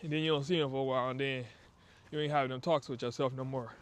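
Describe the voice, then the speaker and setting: A man's voice: mid-range voice, steady tone, fast, clear, resonant tone. A man giving a casual motivational talk on a walk, emphatic and preachy, with slang and acted-out asides. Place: outdoors on a walk.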